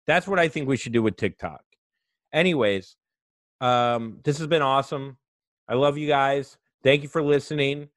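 A man's voice: medium pitch, normal speed, no echo, studio quality. A young adult man hosting a comedy podcast, ranting sarcastically with lots of swearing and mock voices. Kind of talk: comedic monologue.

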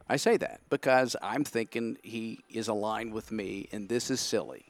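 A man's voice: fairly low pitch, moderate pace, dry recording. A man telling a story in casual chat, acting out his own past thoughts. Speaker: podcast guest.

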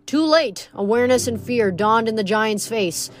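A woman's voice: on the high side, fairly even intonation, normal speed, faint music behind. A woman reading a novel aloud, with occasional stumbles and self-corrections. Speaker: audiobook reader.

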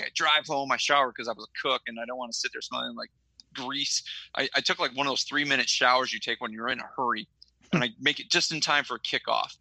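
A man's voice: medium pitch, gravelly, bright, forceful tone, no room sound, poor audio. A middle-aged man from Michigan, a podcast co-host, telling a rambling story in casual chat with lots of fillers.

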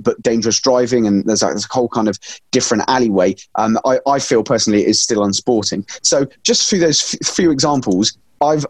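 A man on a motorsport podcast panel, telling stories in a lively, jokey way and slipping into comic put-on voices. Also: mid-range voice, no echo. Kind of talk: casual chat.

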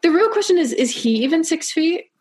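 A woman's voice: very high-pitched, expressive, a little fast, darkish tone. A young woman co-hosting a casual book-club podcast, giggly and rambling, full of "like" fillers. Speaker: podcast co-host.

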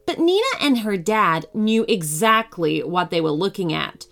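A woman narrating a children's story in an expressive, gentle way. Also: medium pitch, normal speed.

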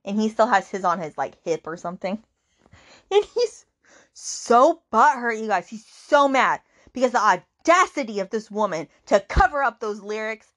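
A woman's voice: medium pitch, big pitch swings, moderate pace, fairly bright tone. A woman hosting a book podcast, recapping the plot in a chatty, rambling way with fillers and acted-out quotes.

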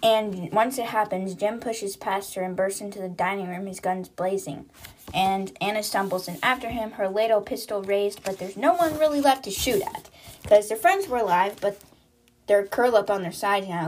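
A woman's voice: mid-range voice, darkish tone, breathy edge. A woman hosting a podcast, chattily retelling a novel's scenes in a casual book recap, quoting characters with "she's like". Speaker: podcast host.

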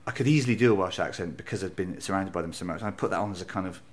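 A man's voice: sits low, very fast. An English man from Bristol, a comedian, chatting in an interview in a bar, self-deprecating and storytelling. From England, Bristol. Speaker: comedian and novelist, interview guest. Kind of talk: casual interview chat.

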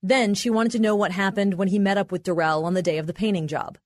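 Female host narrator, scripted and even, dry studio sound. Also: medium pitch, quick pace, no echo.

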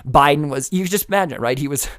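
A man's voice: on the high side, fast, fairly bright tone, dry recording, clean studio sound. A man hosting a podcast, talking through his opinions in a rambling, casual way with restarts and wry laughing asides. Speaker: podcast host. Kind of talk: casual solo commentary.

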